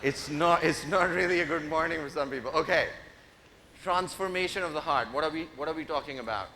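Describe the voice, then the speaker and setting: A man's voice: a little high, a little fast, sharp tone. Playful male keynote speaker in a hall. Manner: playful, teasing, directs the audience. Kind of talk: interactive keynote speech. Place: large conference hall. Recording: reverberant hall, faint noise.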